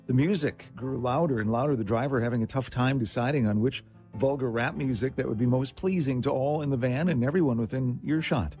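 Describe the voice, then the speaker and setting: A man reading a short story aloud in a scripted, expressive way. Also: medium pitch. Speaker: story segment reader. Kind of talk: scripted narration. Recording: faint instrumental music behind.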